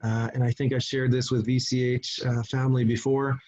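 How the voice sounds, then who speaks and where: A middle-aged man from Canada, a chief giving a conference talk, telling a story unhurriedly with frequent pauses and restarts over a video call. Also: mid-range voice, little pitch movement, darkish tone, highs cut off, slight background noise. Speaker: Indigenous chief and conference speaker. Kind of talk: storytelling presentation.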